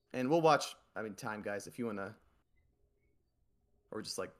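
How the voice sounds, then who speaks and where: A man's voice: fairly low pitch, animated, a little slow. Laid-back male game master. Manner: rambling, laid-back, many fillers. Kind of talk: narrating a tabletop game.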